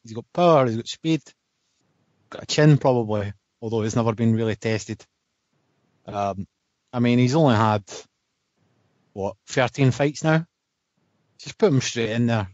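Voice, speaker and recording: A man's voice: medium pitch, a little slow, pauses often, a little mellow, dry recording, highs cut off. A man co-hosting a casual podcast chat, enthusiastic and swearing freely, often trailing off mid-sentence. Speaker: podcast co-host. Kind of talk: casual chat about boxing.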